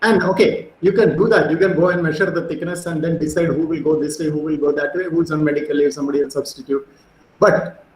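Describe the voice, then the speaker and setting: A middle-aged man giving a physics lecture, animated and storytelling, with frequent fillers. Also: fairly high pitch, fast talker, reverberant, rough recording.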